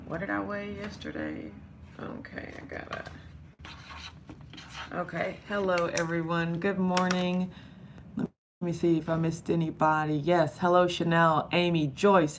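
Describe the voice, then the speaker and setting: Hoarse woman chatting on a live stream. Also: slow, pauses often, noisy background. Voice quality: low, husky from strain. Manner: chatty, greets viewers by name. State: hoarse, losing her voice. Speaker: vlogger greeting live chat. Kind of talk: casual live-stream chat.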